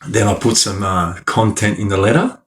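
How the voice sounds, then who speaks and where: A man's voice: fairly low pitch, normal speed, slight background noise. A man livestreaming, telling rambling stories to his chat in heavy slang and laughing often. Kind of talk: casual storytelling to a live chat.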